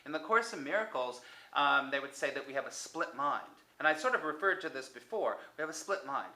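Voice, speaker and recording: A man giving a motivational self-help talk to the viewer, coaxing and repetitive, sometimes dropping to a soft near-whisper. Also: fairly high pitch, lively intonation, brisk, echoey room, low-quality recording.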